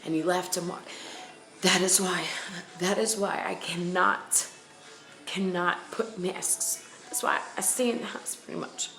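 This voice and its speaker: Gravelly low-voiced New woman. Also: a little slow, fairly bright tone. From the Bronx, New York. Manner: emphatic and blunt, repeating phrases for weight. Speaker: vlogger. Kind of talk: candid personal storytelling to camera. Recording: echoey room with faint music.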